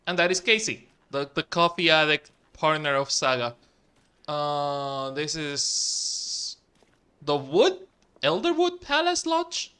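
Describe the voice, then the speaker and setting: A man streams a video game, commenting casually and getting excited as he swears freely. His voice is bright and smooth, a little higher than most men's. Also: takes it slowly. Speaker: gaming streamer. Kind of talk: casual let's-play commentary.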